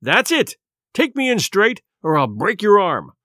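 Man putting on a cold blind old beggar, sing-song wheedling, lively rising pitch, dry sound. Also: unhurried, dry recording, heavily acted. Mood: menacing. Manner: sing-song, soft-spoken then cold and menacing.

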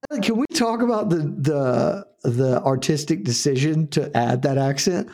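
A man's voice: a little high, expressive, normal speed, warm tone. A man co-hosting a casual sports podcast, rambling and laughing as he talks. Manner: rambling, laughs often, restarts sentences. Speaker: podcast co-host. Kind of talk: casual chat.

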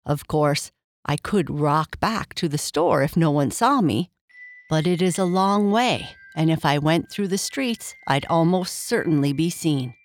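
Woman doing a gentle male toy rocking horse. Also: low voice, animated, a little slow, dry recording, studio quality. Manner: polite, soft-spoken, thoughtful. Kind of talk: storybook reading.

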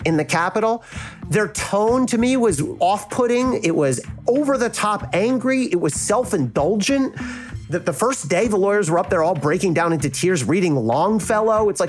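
South Jersey man, former prosecutor, blunt and animated, lively delivery. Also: high-pitched. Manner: frank, animated, acts out quoted reactions. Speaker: legal analyst and former prosecutor. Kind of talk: casual interview.

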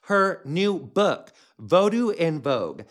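Male podcast host, effusive and gushing, slightly high-pitched, casual chat. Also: sing-song, takes it slowly. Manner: gushing, effusive, lots of "honey" and "like".

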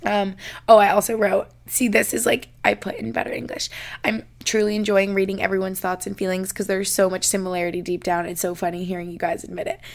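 A woman's voice: mid-range voice, level tone, brisk. A young woman hosting a casual podcast, reading listener confessions and chatting about them, saying "like" constantly. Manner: chatty, says "like" constantly, laughs while reading. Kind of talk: casual chat.

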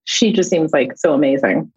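Guest, woman, husky low voice, earnest storyteller, muffled remote line. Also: darkish tone. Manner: earnest storytelling, trailing restarts, quick laughs. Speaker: guest, actress and author. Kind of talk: casual conversation.

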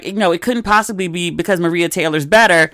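A young adult woman hosting a podcast, telling stories in casual, animated chat with frequent asides. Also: fairly low pitch, fast, no echo, studio quality. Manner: animated, conversational storytelling with asides. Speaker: podcast host.

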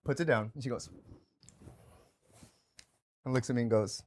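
A man in his thirties sits in as a podcast guest and tells stories at an easy pace. His voice sits at an ordinary middle pitch. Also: normal speed. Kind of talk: casual chat.

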